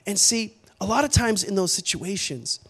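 A middle-aged male pastor preaching a sermon, telling a personal story with animated delivery and acting out his own calls. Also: high voice, moderate pace, breathy edge.

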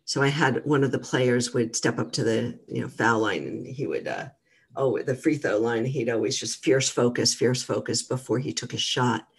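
Middle-aged female guest coach, gentle delivery, husky and slightly gravelly. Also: a bass voice, normal speed. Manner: gentle, warm coaching tone with many fillers. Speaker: guest, mental fitness trainer. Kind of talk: casual interview talk.

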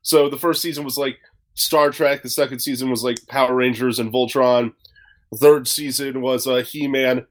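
A man's voice: medium pitch, fairly even intonation, normal speed. A man co-hosting a podcast in loose, rambling chat, swearing freely and filling with "like". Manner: rambling, profane, lots of "like". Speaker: podcast co-host.

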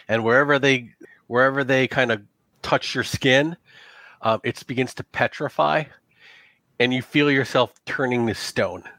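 A man running a tabletop game as game master, narrating in a loose, halting way with many restarts. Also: mid-range voice, bright, forceful tone, no echo.

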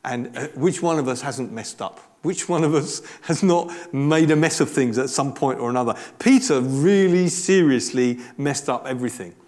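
A man's voice: medium pitch, normal speed, few pauses, a little mellow. A man giving a conversational, earnest sermon with frequent restarts. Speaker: preacher.

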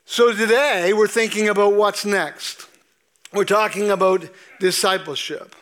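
A man preaches a sermon from the pulpit of a church, pacing his words slowly and stretching out the lines he quotes from scripture for weight. His voice sits high for a man. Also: steady tone, fairly bright tone. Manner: slow, deliberate preaching with emphatic drawn-out scripture quotes. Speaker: pastor. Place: church sanctuary.

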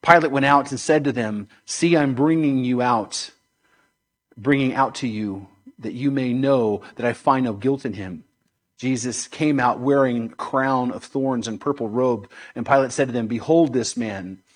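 Male preacher, mid-pitched, reading scripture slowly and solemnly, softening to near-hush on key lines.

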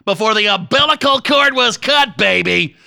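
A man doing a hammy comic parody of a radio host, jumping between a low growl and high shouted catchphrases. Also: animated, normal speed, vocal fry. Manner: hammy, over-the-top.

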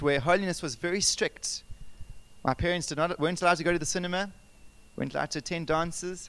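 Animated preaching man, smooth voice. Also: on the high side. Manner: animated, conversational, asks the congregation questions. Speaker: pastor. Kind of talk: sermon with personal stories. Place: church service.

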